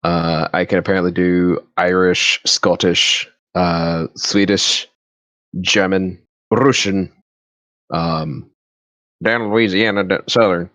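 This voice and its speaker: A man with a very low voice chats casually on a podcast. He rambles and restarts his sentences, and the sound is dry and close. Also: steady tone, slow, fairly bright tone, no echo. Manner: rambling, restarts often, trails off. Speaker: podcast co-host. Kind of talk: casual chat.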